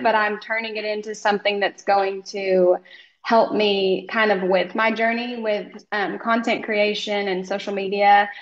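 Woman from oklahoma, podcast guest, rambling friendly talk, roomy echo, slightly muffled. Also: mid-range voice. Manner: friendly, rambling, many ums and restarts. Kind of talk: casual podcast interview.

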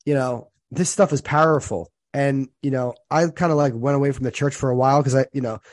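A man's voice: medium pitch, fairly even intonation, a little fast, no room sound, studio quality. A man in his thirties from New Jersey, co-hosting a podcast and thinking aloud in a reflective, casual way. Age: 30s. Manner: reflective, repeats phrases while thinking aloud. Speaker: podcast co-host. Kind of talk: casual chat.

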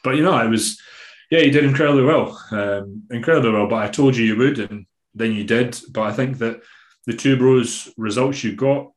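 A Scottish man chats casually as a bodybuilding coach, sprinkling his stories with swearing and fillers. His voice sits at an ordinary pitch. The recording has a noticeably roomy echo. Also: normal speed. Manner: swears freely, relaxed storytelling with many fillers. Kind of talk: casual podcast chat.

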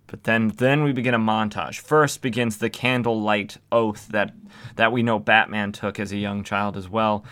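A man's voice: lowish voice, bright, forceful tone, smooth. A young man casually recapping old comics as a podcast host, with wry, sarcastic asides.

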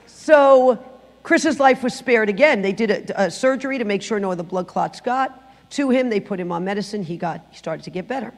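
Animated woman testifying in a reverberant church. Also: medium pitch, brisk. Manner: animated storytelling, acting out quotes. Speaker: guest speaker giving testimony. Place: church sanctuary.

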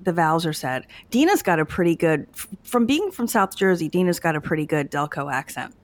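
A woman's voice: on the low side, animated, brisk. A woman chatting casually, thinking aloud with restarts. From Chester County, Pennsylvania. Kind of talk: casual chat.

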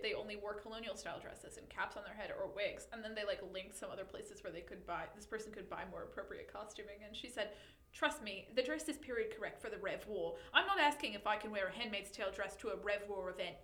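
A young woman co-hosting a podcast in casual chat, animated and giggly, often reading posts aloud. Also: medium pitch, fast talker, echoey room. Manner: giggly, animated, breaks into loud laughter. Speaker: podcast co-host.

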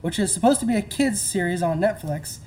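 A podcast host in casual chat, relaxed and interested. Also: mid-range voice, a little fast, a little hiss or hum.

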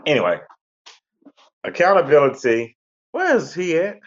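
A man hosts a talk radio show in a laid-back, repetitive casual monologue, captured in lo-fi internet radio audio. His voice runs on the high side with big pitch swings at a normal speed.

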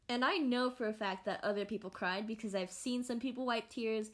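A young adult woman hosting a casual podcast, talking in a rambling, animated way with many fillers and restarts. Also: fairly high pitch, moderate pace, hardly any pauses. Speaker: podcast host. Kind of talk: casual solo podcast chat.

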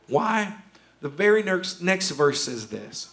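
A man preaching a sermon as pastor in a church, urgent and impassioned, repeating key phrases and dropping to hushed tones. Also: sits high, sing-song, takes it slowly, creaky. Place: church sanctuary.

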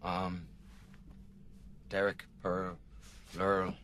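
A man's voice: low voice, completely flat delivery, very slow, a bit bright, slight background noise, exaggerated voice. An actor playing a baffled, flustered man at a restaurant in a film scene.

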